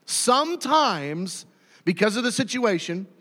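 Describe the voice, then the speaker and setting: A man preaching a sermon, animated and dramatic, often acting out voices and shouting. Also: sits high, unhurried, long reverb tail.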